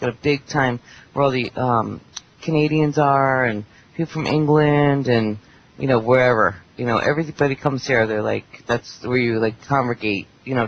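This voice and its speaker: A woman chatting bluntly and at length on a roundtable talk show. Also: very deep voice. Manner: blunt, talkative, quotes people in animated voices. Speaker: panelist. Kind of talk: casual roundtable chat. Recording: dull internet radio with faint hiss.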